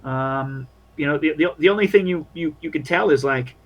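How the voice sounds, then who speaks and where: A man's voice: a little high, lo-fi sound. A man narrating a tabletop role-playing game as game master, rambling and restarting often. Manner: rambling, halting, many restarts.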